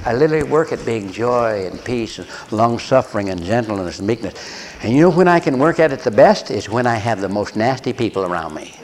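An older man delivering a sermon in an animated storytelling manner, now and then acting out voices and laughing. His words ring out with a long reverb, as in a large hall, over a faint hum of ambience. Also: mid-range voice, brisk, few pauses. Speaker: preacher.

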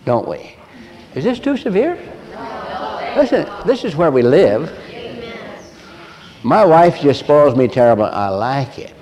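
An older man preaching a sermon, telling personal stories in an animated way and asking the audience questions. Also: a little high, a little slow, long pauses, some chatter behind, poor audio.

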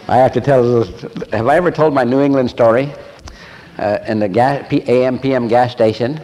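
An older man preaching a sermon, telling a story with animated voices and laughter. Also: medium pitch, brisk. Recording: long echo of a large hall, faint ambience.

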